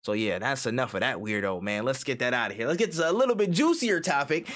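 A man co-hosting a casual gaming podcast, animated and profane, acting out imagined quotes. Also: medium pitch, fast talker. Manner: animated, acts out quotes, swears freely. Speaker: podcast co-host.

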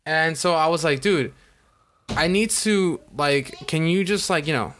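Animated young man telling a story. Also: a little high, a little fast. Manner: animated, swears a lot, acts out quotes. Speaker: podcast co-host. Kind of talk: casual storytelling chat.

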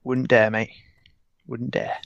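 A man's voice: medium pitch, little pitch movement, takes it slowly, gravelly, fairly bright tone, dry recording. A laid-back, cocky man playing his character in a tabletop game. He keeps calling others mate. His mic sounds dull and very dry. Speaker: player.

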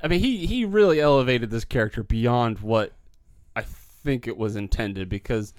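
A man's voice: mid-range voice, lively intonation, moderate pace, a little mellow, dry recording, clean studio sound. A man co-hosting a movie podcast, talking casually with a wry, teasing manner. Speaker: podcast co-host. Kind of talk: casual movie review chat.

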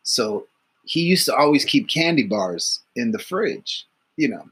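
A man's voice: mid-range voice, very animated, measured pace, fairly bright tone, husky. A man co-hosting a casual podcast, telling a crude story with lots of laughter and swearing. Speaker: podcast co-host.

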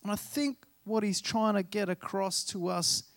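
Male pastor, 30s, high voice, close and dry, self-deprecating storyteller. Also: normal speed, no room sound. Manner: chatty, self-deprecating, acts out dialogue. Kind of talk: sermon with personal storytelling.

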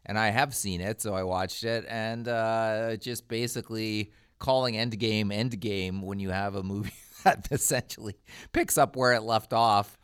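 A man's voice: on the low side, fairly even intonation, a little slow, fairly bright tone, smooth. A man co-hosting a podcast in casual chat, hesitant with many fillers and dry jokes. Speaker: podcast co-host.

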